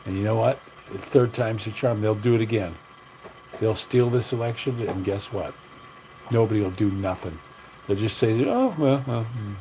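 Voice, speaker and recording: A man's voice: lowish voice, steady tone, normal speed, warm tone, slight background noise, low-quality recording. An older man hosting a livestream, talking bluntly in a rambling, opinionated way. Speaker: livestream host. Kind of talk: casual livestream rant.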